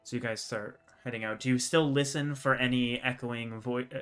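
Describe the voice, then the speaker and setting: A male game master narrates a fantasy tabletop session in a loose, halting way, full of fillers. His voice has an ordinary middle pitch. Faint music plays underneath him. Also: steady tone, a bit bright, clean tone. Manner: casual, halting, many fillers.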